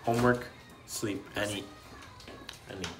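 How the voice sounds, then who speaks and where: A man's voice: fairly low pitch, fairly even intonation, a little slow, music in the background. A teenage boy holds his phone and vlogs casually from a clothing store. He rambles, trips over his words and laughs a lot. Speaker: vlog host. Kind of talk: casual chat.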